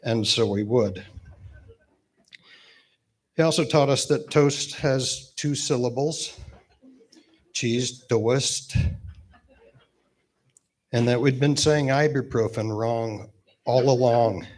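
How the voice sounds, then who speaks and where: A man in his fifties giving a eulogy at a memorial gathering with gentle humor, pausing often with fillers. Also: medium pitch. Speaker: eulogy speaker, best man.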